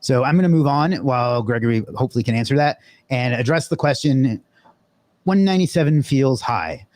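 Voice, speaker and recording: A man hosts a live online session in a loose, offhand way. He talks casually with plenty of fillers and the odd swear word. His voice is mid-pitched and sounds dry and close, with no room echo. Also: expressive, brisk, a little mellow. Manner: loose and profane, with many fillers. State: out of breath. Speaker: host of a live webinar.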